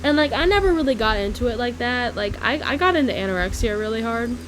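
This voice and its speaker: A young woman with a fairly high, expressive voice tells personal stories in a casual monologue, talking fast, chatting away, swearing freely, and stuffing her sentences with "like." She laughs between lines. The recording is rough, with slight background noise.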